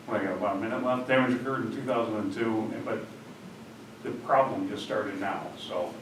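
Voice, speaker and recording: A man with a low voice gives a halting report at a village board meeting, pausing on many ums and restarts. He sounds far from the mic in a strongly echoing room, with steady background noise. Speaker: village official giving a report.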